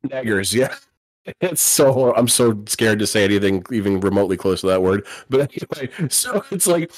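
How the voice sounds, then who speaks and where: A man's voice: on the low side, expressive, moderate pace, no echo. Profane rambling man, dry sound. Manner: rambling, profane, acts out mocking voices. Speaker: podcast co-host. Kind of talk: casual chat.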